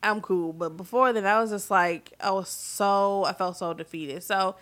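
A woman in her thirties tells a personal story in a loose, chatty way. Her voice sits in the middle of the range for a woman. She turns animated and loud when she relives the hard parts. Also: medium pitch, moderate pace. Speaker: vlogger telling a family story. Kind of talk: casual storytelling.

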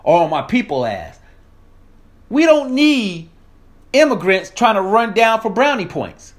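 A man rants at his viewers in a heated, emphatic style, swearing freely as he presses each point. His voice sits unusually high for a man. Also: wildly swooping pitch, normal speed. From American South. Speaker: political commentator. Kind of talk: ranting monologue.

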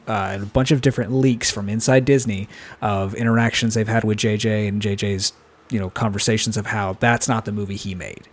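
A man co-hosting a podcast in casual chat, earnest and hesitant, often pausing and restarting as he lays out his point. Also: fairly low pitch. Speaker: podcast co-host.

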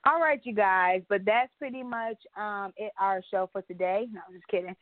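A woman co-hosting a podcast, telling stories in casual chat, animated and laughing often. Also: medium pitch, normal speed, dry recording. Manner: chatty storyteller, animated retellings, frequent laughs. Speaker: podcast co-host. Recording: tinny phone-line sound.

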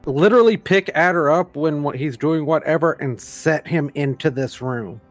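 A man speaking as a player in a tabletop role-playing game, talking in character in a direct, brisk way. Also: a little high, dry recording, soft background music.

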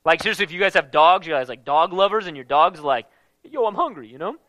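A man preaching a casual Bible-teaching sermon in an animated, conversational way, with slang mixed in. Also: a little high, fast talker, dry recording.

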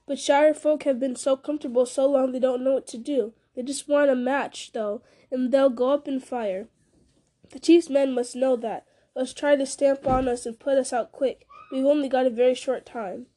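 A woman's voice: high-pitched, dark tone. A woman reading aloud, voicing a bold young male hobbit who urges action in a commanding way. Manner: urgent, commanding.

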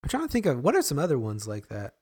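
A man's voice: medium pitch, huge pitch swings, quick pace, a little mellow, husky. A man co-hosting a casual chat, rambling and correcting himself with a playful, joking manner. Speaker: podcast co-host.

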